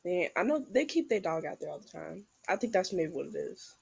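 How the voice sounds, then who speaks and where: A woman talks through her part in an improvised podcast roleplay. She sounds laid-back and chatty, and her voice sits a little low for a woman. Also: very animated, brisk, gravelly, a little mellow, slightly rough. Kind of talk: casual improvised roleplay narration.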